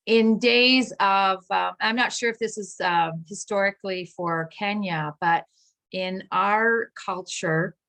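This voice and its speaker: A woman minister giving a reflective spiritual talk, gentle and searching, with pauses and restarts. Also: lowish voice.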